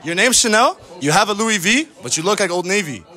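A man's voice: high voice, expressive, brisk, pushed and bright. A man joking and roasting the women around him in casual street banter. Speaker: participant rating girls.

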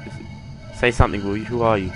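A young man with a fairly low voice plays a horror game and comments casually, swearing as he goes. He reads the game's dialogue aloud and takes sarcastic jabs at its characters.

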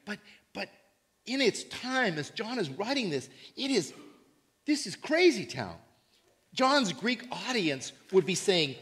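Guy preaching in church, high voice swinging all over, animated, acts out voices. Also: slow. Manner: animated, acts out imagined voices, repeats for emphasis. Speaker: pastor. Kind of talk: sermon.

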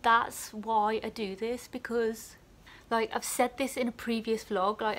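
A young woman with an English accent, a student nurse vlogging with emotion, teary and at times dropping to a whisper. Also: mid-range voice. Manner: tearful, gushing, drops to whispers. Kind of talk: emotional personal vlog.

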